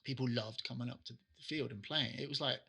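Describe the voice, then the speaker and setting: A middle-aged man, a soccer trainer and interview guest, telling animated stories and acting out what people said. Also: medium pitch, quick pace, gravelly, breathy edge. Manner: animated anecdotes, acts out quotes. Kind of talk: casual interview storytelling.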